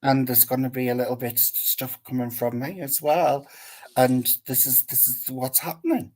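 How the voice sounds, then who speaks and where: Halting northern English man, jokey chat. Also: medium pitch, steady tone, darkish tone. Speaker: livestream co-host. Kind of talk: casual chat.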